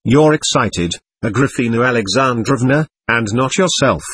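A man's voice: mid-range voice, expressive, moderate pace, a bit bright, husky, dry recording. Man playing a sneering, spiteful young man. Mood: mocking. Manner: taunting and sneering.

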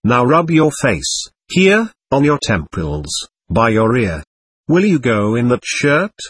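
A man's voice: mid-range voice, big pitch swings, takes it slowly, a bit bright, husky, no echo, clean studio sound, heavily acted. A man voicing a stern, sturdy young male official who speaks insistently and reproachfully in a storybook reading.

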